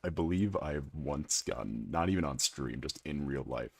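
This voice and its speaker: A man with an extremely deep, gravelly voice, chatting casually with his live-stream chat while playing a game and teasing viewers. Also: moderate pace, hardly any pauses. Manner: chatty, teasing, reads and answers chat aloud.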